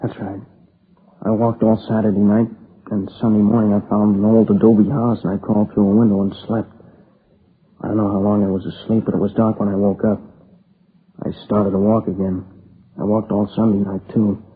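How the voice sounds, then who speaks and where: Brief: actor as a young robbery survivor in an old radio crime drama, low flat voice, halting, tinny lo-fi sound. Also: male voice, lightly acted. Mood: weary, shaken. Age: young adult. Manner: halting, broken restarts, near tears. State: exhausted. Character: shaken young man, grieving survivor of a robbery. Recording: tinny lo-fi old broadcast with hiss.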